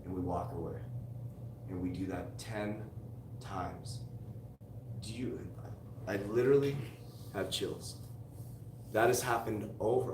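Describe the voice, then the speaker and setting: A man's voice: fairly low pitch, moderate pace. A man who is a motivational coach and host, talking in an emphatic, repetitive storytelling manner on a podcast. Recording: echoey room, distant mic, background noise.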